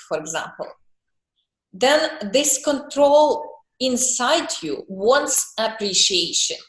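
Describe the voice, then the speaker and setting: Woman coach on a group call, talks slow and earnest, kinda high voice, echoey room. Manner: slow, earnest, acts out emotions in little voiced monologues. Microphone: video call.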